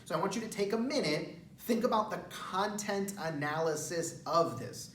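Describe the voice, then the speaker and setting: A man's voice: high voice, expressive, fairly bright tone, a little hiss or hum. A male history teacher, giving a casual, conversational classroom lecture full of asides. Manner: casual, conversational, with asides and quick voiced examples. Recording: echoey room, voice from a distance.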